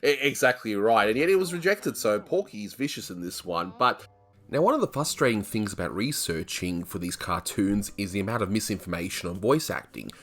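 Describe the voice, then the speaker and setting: A man hosting a casual chat, relaxed and conversational. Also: fairly low pitch, brisk, soft background music. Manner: relaxed, conversational, some restarts. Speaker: host.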